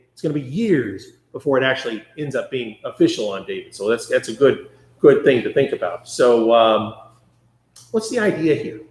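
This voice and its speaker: High, lively man teaching a Bible class. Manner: animated, chatty, often acts out quotes. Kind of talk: conversational Bible study. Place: church classroom. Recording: echoey room.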